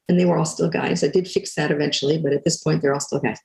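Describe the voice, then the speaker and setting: An older woman speaking as a guest, telling a story in a lively way and acting out quoted lines. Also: fairly low pitch, fast talker, vocal fry, roomy sound, low-quality recording. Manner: animated, acts out quotes. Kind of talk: storytelling talk.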